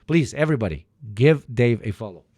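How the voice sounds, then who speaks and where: A man's voice: mid-range voice, lively intonation, fairly quick, darkish tone, no room sound. A man live-streaming and reacting to clips with sarcastic, profane jokes.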